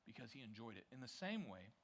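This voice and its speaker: A man giving a lively youth sermon in a church service, his voice bright and forward. He keeps it conversational and checks in with the room often. His pitch sits in a middle register. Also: fast talker. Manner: energetic, conversational, frequent "okay?" check-ins. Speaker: youth pastor.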